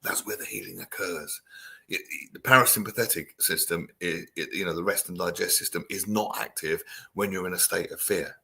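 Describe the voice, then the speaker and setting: A man's voice: low-pitched, a little fast, vocal fry, pushed and bright. A man hosting a casual chat show, joking with listeners and reading their comments aloud. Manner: jokey, chatty, reads listener comments aloud. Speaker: radio show host.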